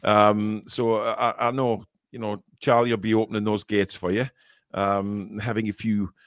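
A man's voice: lowish voice, flat delivery, normal speed, dry recording. A man hosting a fan podcast in casual live chat, rambling and teasing with plenty of hesitations. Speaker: podcast host.

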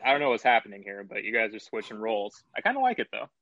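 A man co-hosting a podcast, giving relaxed, reflective opinions in a casual music review chat. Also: lowish voice, rapid-fire, no room sound, muffled recording. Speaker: podcast co-host.

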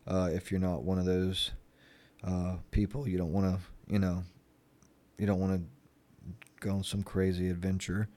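A young man with a lowish voice chats to camera in a loose, rambling way, and his talk is packed with fillers. He is sarcastic and cutting when something annoys him, then drifts back to easy small talk. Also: little pitch movement, normal speed, long pauses, dark tone. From Florida, United States. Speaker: vlogger. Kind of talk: casual chat.

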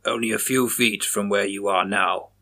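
A man's voice: fairly low pitch, steady tone, normal speed, creaky, bright, forceful tone, full character voice. A man voicing a male police officer partner in a horror story, speaking in a clipped, defensive way. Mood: grim.

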